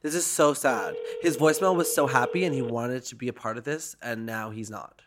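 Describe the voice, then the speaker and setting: A man's voice: mid-range voice, fairly quick, background noise. A man hosting a casual phone-call vlog, dramatic and playful, swearing freely as he chats. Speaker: host calling fans back.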